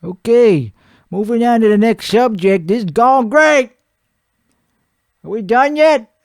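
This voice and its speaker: A brash, boastful washed-up male singer, played by a man, rambles and rants in a fairly high voice worn thin and strained from singing. The sound is dry and close, with no room around it. His delivery is crude and self-mocking. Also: measured pace, no room sound. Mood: ranting. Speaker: comedy show host. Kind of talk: improvised comedic rant.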